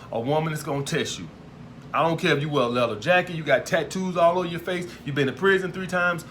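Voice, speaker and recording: A man's voice: medium pitch, fairly bright tone, slight background noise. A man, giving blunt dating advice in a profane monologue and repeating his points emphatically. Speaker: dating advice video host.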